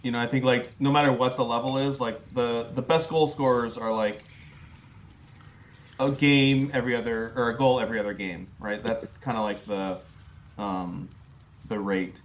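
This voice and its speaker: A man's voice: mid-range voice, steady tone, moderate pace, slight background noise. A man co-hosting a casual sports podcast, chatty and hedging, repeating words as he works out his opinion. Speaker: podcast co-host.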